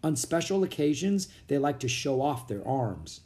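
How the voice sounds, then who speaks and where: A man reading aloud, voicing a gentle, brave young Pilgrim woman who speaks in formal, old-fashioned words. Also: mid-range voice, big pitch swings, normal speed, natural voice. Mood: polite.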